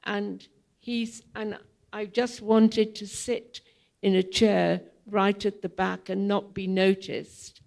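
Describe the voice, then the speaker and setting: An older woman speaking to a theatre audience as a guest, telling long anecdotes in an unhurried, digressive way, with frequent ums. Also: medium pitch, flat delivery, creaky, darkish tone. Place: theatre hall, public event.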